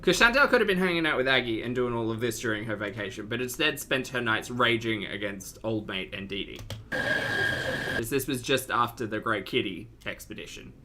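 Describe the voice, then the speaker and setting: An Australian-accented commentator reacts to clips in a loose, chatty way. The voice is very bright and rises and falls a lot, with a giggly, teasing edge. Faint background noise sits under it. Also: medium pitch, animated, a little fast. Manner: teasing, giggly, wry asides. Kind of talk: casual commentary.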